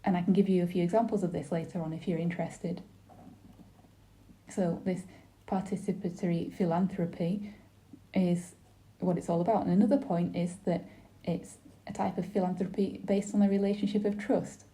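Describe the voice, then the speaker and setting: A woman giving a simultaneous interpretation of a webinar panel, speaking in a measured, formal way with brief pauses and restarts. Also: fairly low pitch, fairly even intonation, dark tone.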